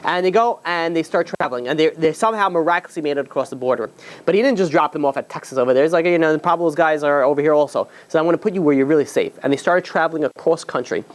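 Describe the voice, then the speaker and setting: A male rabbi giving an animated storytelling sermon, talking straight to his listeners with many restarts. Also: a little high, racing. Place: speaking in New York.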